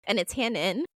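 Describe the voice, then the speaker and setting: On a dry recording, a young female podcast co-host with a mid-range voice chats casually. Her storytelling is animated, and laughter comes up frequently.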